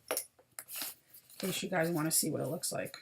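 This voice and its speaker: A woman's voice: sits low, measured pace, gravelly, a little hiss or hum. A woman hosting a crochet video podcast, chatting casually and apologetically about her projects, sounding tired.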